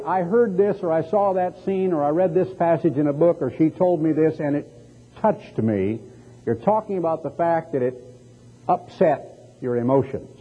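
A man preaching a sermon, reading scripture slowly and stressing his points with emphatic swings. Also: a little high, husky. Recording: tinny, phone-like narrow sound.

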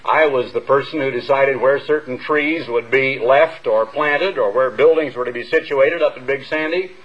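Older minister preaching on lo-fi radio. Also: male voice, mid-range voice. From United States. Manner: earnest, measured, with emphatic rises and pauses. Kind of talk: sermon. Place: church hall before a congregation. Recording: dull lo-fi radio broadcast.

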